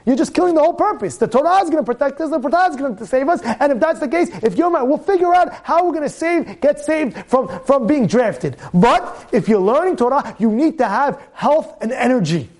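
A man's voice: very high voice, lively intonation, fairly quick, hardly any pauses, a little mellow. A man teaching a weekly Torah-portion class. He talks emphatically, repeats his phrases and keeps firing questions at his listeners.

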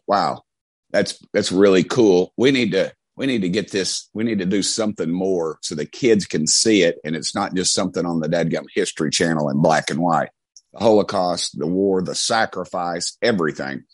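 Deep-voiced and speaking at a normal speed, this middle-aged man is heard in a dry recording. A congressman from Knoxville with an East Tennessee Southern accent, he tells folksy stories as an interview guest, rambling casually and restarting often.

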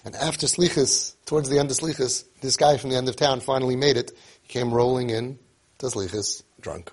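A man's voice: mid-range voice, a little fast, slightly rough. A man giving an emphatic sermon, repeating phrases and telling a story.

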